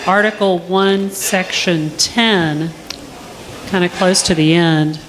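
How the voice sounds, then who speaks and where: Woman reading slowly and deliberately. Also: on the low side, fairly even intonation, noisy background. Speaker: audience member. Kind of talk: reading aloud in a debate.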